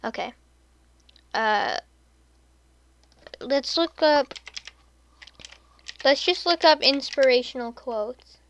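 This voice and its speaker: A woman hosting a podcast in casual commentary, sarcastic, laughing often and dropping into soft muttered asides. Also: high-pitched, takes it slowly, long pauses, a little hiss or hum. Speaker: podcast host.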